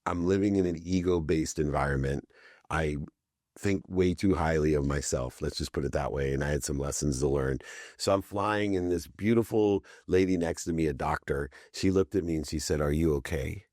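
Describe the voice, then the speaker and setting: Middle-aged guy on a podcast, low voice, acts out the quotes in his stories, dry close sound. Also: normal speed, dry recording. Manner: lively storyteller who acts out quoted dialogue. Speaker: podcast guest, entrepreneur and speaker. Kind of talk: casual interview storytelling.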